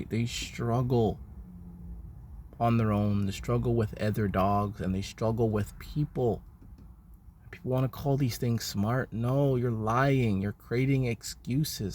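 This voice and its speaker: A man rants in a contemptuous monologue, often repeating and stumbling over his words. His voice sits at an ordinary middle pitch. A faint background noise runs under the recording. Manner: repetitive, stumbling, contemptuous ranting. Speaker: channel host. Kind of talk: ranting monologue.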